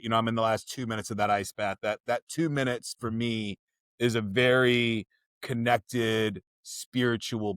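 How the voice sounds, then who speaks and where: A man's voice: medium pitch, fairly bright tone, no echo. A man hosting a podcast, speaking in an earnest, reflective way and laughing easily. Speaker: podcast host. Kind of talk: casual interview chat.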